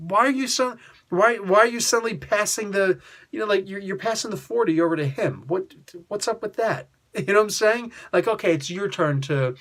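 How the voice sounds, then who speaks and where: A man's voice: sits high, fairly quick. A man casually reviewing a comic book, ranting in an exasperated way and filling his talk with "like" and "you know". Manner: animated, exasperated ranting with mock outbursts; heavy use of filler "like" and "you know".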